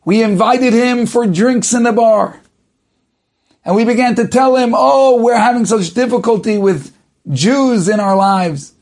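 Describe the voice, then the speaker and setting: A man's voice: very high-pitched, unhurried, a little mellow, voice pushed up. A man acting out an authoritative male judge who declares his ruling emphatically. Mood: emphatic.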